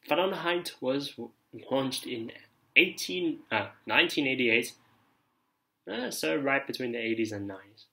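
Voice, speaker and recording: A man reviews fragrances in a loose, meandering chat. He talks slowly, with plenty of fillers and side remarks. His voice has a bright, forward tone. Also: medium pitch, lively intonation, gravelly, rough recording. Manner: loose, filler-heavy, reads reviews aloud. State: ears ringing after a shower. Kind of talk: casual rambling chat.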